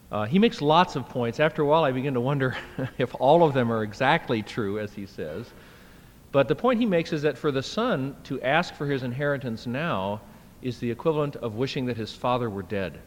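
A man's voice: medium pitch, a little hiss or hum. A man in his fifties preaching a sermon in a conversational way, thinking aloud with fillers and restarts. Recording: long reverb from a large hall.

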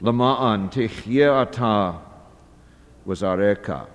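A man teaching a scripture lesson, reading a text slowly line by line and pausing often with "uh". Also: fairly low pitch, long reverb tail. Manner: slow, deliberate, pausing often with "uh". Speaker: Hebrew Bible teacher.

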